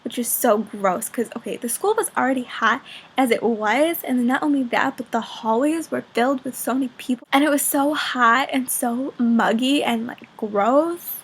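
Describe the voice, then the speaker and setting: A teenage girl vlogging in casual chat to the camera, rambling and chatty with a husky voice. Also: fairly high pitch, normal speed. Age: teens.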